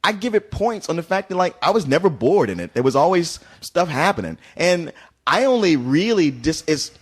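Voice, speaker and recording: A man reviewing a movie in casual chat, animated and restarting his sentences. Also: a little high, normal speed, breathy edge. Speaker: film reviewer.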